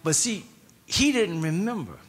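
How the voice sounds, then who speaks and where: Man, preacher, sermon, fairly high pitch, bright tense tone, repeats words, call-and-response. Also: sing-song, unhurried. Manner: repetitive, call-and-response prompts to the congregation; casual colloquial phrasing.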